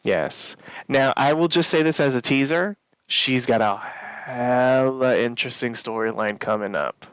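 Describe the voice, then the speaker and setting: A man speaks in a deliberate, teasing way during a casual recap chat, in a mid-range voice. His sound is dry and close, with no room around it. He drops his hints at an even pace. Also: mid-range voice, clean tone, no room sound, low-quality recording. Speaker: podcast co-host.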